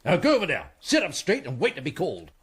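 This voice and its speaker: A pompous commissionaire sergeant. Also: male voice, a little high, huge pitch swings, quick pace, a bit bright. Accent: former Cockney, now put-on posh. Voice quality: pompous, officious. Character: bossy, fussy male commissionaire sergeant, middle-aged. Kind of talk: radio comedy acting.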